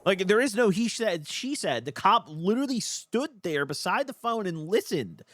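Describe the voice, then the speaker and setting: A man's voice: sits high, big pitch swings, moderate pace, fairly bright tone, slight background noise. A man streaming live, giving casual, rambling reaction commentary full of "like.".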